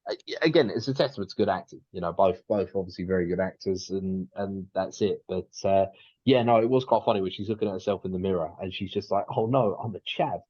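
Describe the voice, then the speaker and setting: A man's voice: low-pitched, quick pace, highs cut off. A man co-hosting a podcast, chatting casually and rambling with lots of restarts and fillers. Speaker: podcast co-host.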